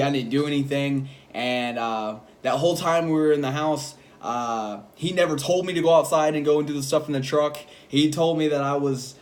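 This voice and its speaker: Rambling young man telling a story. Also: mid-range voice. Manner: rambling, animated, laughing between lines. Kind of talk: casual storytelling vlog.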